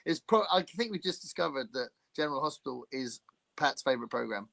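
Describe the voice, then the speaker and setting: A man's voice: mid-range voice, animated, fairly quick, gravelly, fairly bright tone. A man co-hosting a casual livestream chat, joking and reading viewer comments aloud. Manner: jokey, reads viewer comments aloud, playful mimicry. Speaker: podcast co-host.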